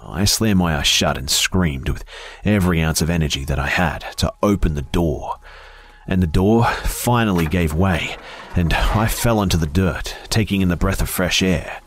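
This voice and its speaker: A man slowly narrating a first-person horror story in a hushed voice that often drops to a whisper. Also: deep voice.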